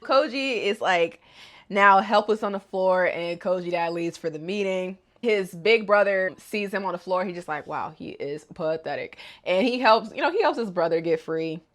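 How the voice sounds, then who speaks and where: A woman's voice: medium pitch, moderate pace. A woman casually recapping an anime episode in a chatty, joking, slangy way.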